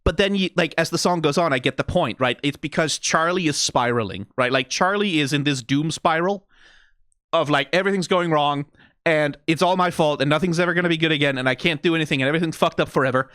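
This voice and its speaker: A man with a fairly high, bright, tense-edged voice gives casual commentary as a reaction host. He talks in an animated, rambling way, leaning on "like" and "right?" and swearing freely. The sound is dry and close. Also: fast talker, dry recording.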